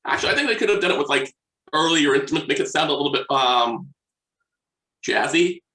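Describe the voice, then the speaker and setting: A bright, fairly high man's voice with a roomy echo around it. He chats eagerly, working from his notes and trailing off as he searches for the next point. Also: expressive, brisk. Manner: enthusiastic, checks his notes, trails off mid-thought. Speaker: podcast co-host. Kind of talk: casual chat.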